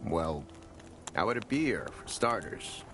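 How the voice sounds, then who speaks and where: A man's voice: lowish voice, very animated, measured pace. An actor playing a blunt, greedy male hunter in a video game who talks in a sardonic, haggling way. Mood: gruff. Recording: game music behind.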